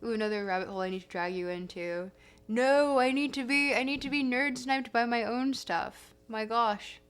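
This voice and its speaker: A woman's voice: a little high, normal speed, a bit bright, clear, resonant tone. A woman livestreaming, casually chatting with her viewers in a chatty, self-deprecating way. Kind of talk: casual stream chat.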